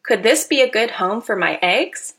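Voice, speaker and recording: A woman's voice: a little high, lively intonation, normal speed, a bit bright. Goldilocks, a woman voicing a fussy trout. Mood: curious. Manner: fretful, exclaiming, picky. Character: adventurous female steelhead trout, fussy about water.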